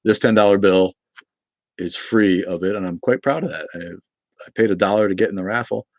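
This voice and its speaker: A deep-voiced man from Boston, New England, hosts a casual livestream, rambling, swearing freely and responding to chat comments. The recording is dry.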